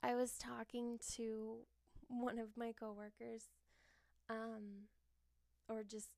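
A young woman hosting a podcast, telling stories in a candid, lively way, laughing often and swearing freely. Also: fairly high pitch, slow pace, creaky, no echo, clean studio sound. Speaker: podcast host. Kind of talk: casual confessional chat.

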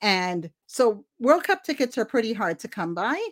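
A woman's voice: mid-range voice, big pitch swings, normal speed. A woman from Trinidad in her forties tells a personal story at an easy pace. She talks animatedly and acts out the other people in it. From Trinidad and Tobago. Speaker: guest storyteller. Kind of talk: casual storytelling.

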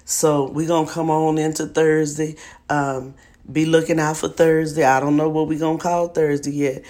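A woman's voice: low-pitched, moderate pace. Laughing chatty woman telling a story. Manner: animated, laughing, playful exclamations. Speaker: podcast host. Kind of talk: casual storytelling monologue.

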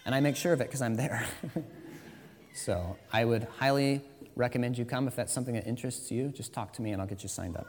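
A man preaching a sermon as pastor, moving between quiet, slow emphasis and loud, rising exhortation. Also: medium pitch. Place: church sanctuary. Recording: long reverb of a church hall.

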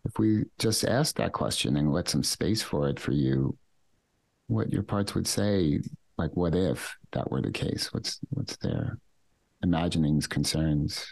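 Gentle, very low-voiced man. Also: expressive, gravelly, no echo. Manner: gentle, slow, open, contemplative. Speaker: podcast co-host. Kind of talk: casual reflective conversation.

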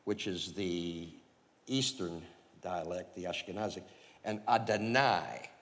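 A man preaching and telling his own conversion story, animated and chuckling, with lots of fillers. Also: deep voice, slow, long reverb tail. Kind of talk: personal testimony storytelling.

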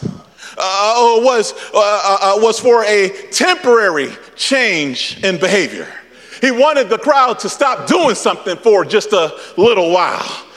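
A young man preaching a sermon as pastor, with shouted peaks and a lot of repetition. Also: high voice, long reverb tail.

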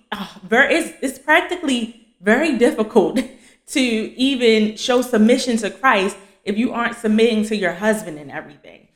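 A woman's voice: fairly high pitch, fairly bright tone. A young woman, hosting a faith podcast for women and teaching casually, blunt and chatty, calling her listeners "y'all.". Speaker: podcast host and fiancée coach. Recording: echoey room.

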